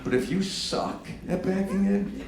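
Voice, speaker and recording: A male stand-up comedian with a fairly high voice delivers a profane, exasperated rant. He swings from low, grumbling asides up to near-shouting outbursts. The live room is echoey, with faint noise under him. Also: measured pace. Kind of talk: stand-up routine. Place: comedy club stage with audience laughter.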